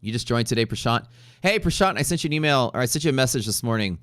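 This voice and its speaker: A man hosting a live trading stream, chatting casually in a rambling way with profane jokes and quick asides to viewers. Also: mid-range voice, lively intonation, a bit bright, no room sound, studio quality, soft background music. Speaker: livestream trading host.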